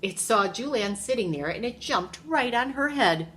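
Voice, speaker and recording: With a fairly high-pitched voice at a normal pace, a preschool teacher animatedly reads a picture book to young children in her classroom. She asks them questions as the story goes on, against slight background noise.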